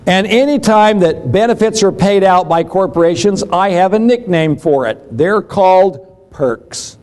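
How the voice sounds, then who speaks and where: A man's voice: high-pitched, normal speed, darkish tone. A middle-aged man giving a seminar lecture on business, folksy and fond of acting out little dialogues to make a point. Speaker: seminar speaker on taxes.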